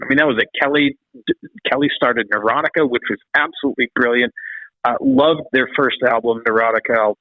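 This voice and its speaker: Man, middle-aged, rambling animated storyteller, casual interview, tinny phone-like audio. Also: mid-range voice, no room sound. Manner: animated, rambling storyteller with frequent restarts and swearing. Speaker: interview guest, former metal drummer. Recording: dry, phone-like call audio.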